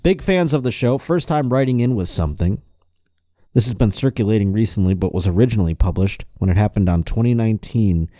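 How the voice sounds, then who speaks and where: A male podcast host riffing sardonically and profanely while reading news articles aloud, running low on energy. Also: a little fast, dark tone, no room sound, studio quality. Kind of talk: casual comedic podcast chat.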